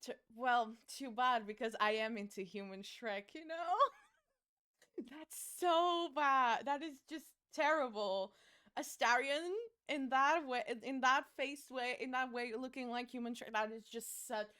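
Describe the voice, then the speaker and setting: Young woman, game streamer, high bright voice, giggly, swears a lot. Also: expressive, normal speed, smooth. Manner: swearing, giggly, reading chat aloud. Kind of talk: casual chat with stream chat while gaming.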